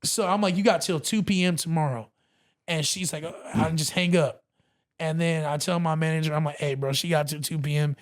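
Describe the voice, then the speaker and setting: A man guest on a podcast, telling a story in a casual, animated way and acting out what others said. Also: on the high side, brisk. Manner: animated, acts out quotes, says bro a lot.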